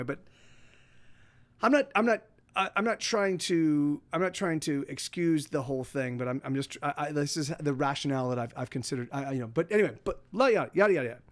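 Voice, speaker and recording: A middle-aged man chatting to his live stream audience from home, rambling with many restarts and fillers. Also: sits high. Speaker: livestream host. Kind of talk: casual chat to a live audience.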